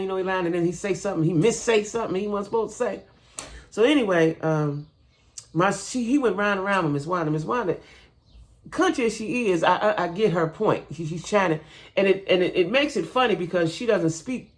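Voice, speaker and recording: A woman giving a casual, chatty recap of a reality TV show, talking straight to her viewers and often checking in with a "right?". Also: on the low side. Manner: chatty, addresses viewers as "y'all", frequent "right?".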